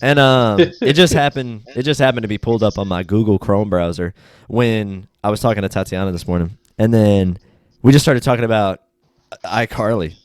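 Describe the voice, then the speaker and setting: A young man hosting a casual podcast, laid-back and blunt, swearing freely and getting animated when he retells stories. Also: fairly low pitch, moderate pace, dry recording. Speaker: podcast host. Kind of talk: casual chat.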